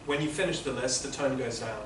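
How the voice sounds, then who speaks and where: A man's voice: medium pitch, a little fast, a bit bright, a little hiss or hum. A man teaching interpreting, giving patient, explanatory feedback to students in a classroom. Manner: patient, explanatory, many restarts. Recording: echoey classroom from far off.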